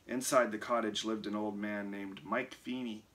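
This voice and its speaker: Guy reading a kids book out loud, lively, lowish but bright voice. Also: moderate pace. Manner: expressive, lively. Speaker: reader. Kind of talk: reading a picture book aloud.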